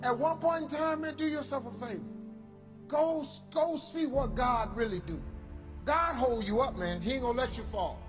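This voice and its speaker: A man delivers a motivational speech with a preacher's fervent, colloquial cadence. His voice sits high and rings through a reverberant hall. Music plays underneath. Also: moderate pace. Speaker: motivational speaker.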